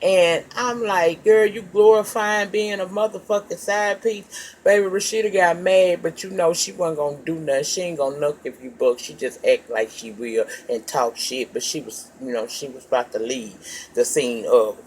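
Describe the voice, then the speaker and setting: With a deep voice at a moderate pace, this woman gossips through a reality show recap, cursing freely and addressing listeners as child and baby. Her storytelling is animated and profane, and there's slight background noise.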